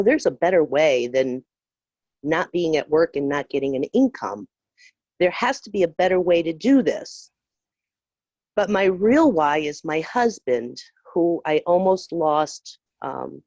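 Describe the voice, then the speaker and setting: A middle-aged woman on a group call sharing a personal story, earnest and emotional, halting with fillers. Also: lowish voice, a little mellow, no echo, dull audio. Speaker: call participant. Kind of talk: personal testimony.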